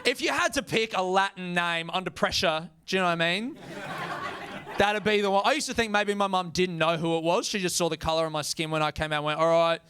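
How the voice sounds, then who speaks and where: A man's voice: high voice, fairly quick, crowd noise. Casual Australian man doing stand-up. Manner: casual, swearing, self-mocking. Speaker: stand-up comedian. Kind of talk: stand-up comedy.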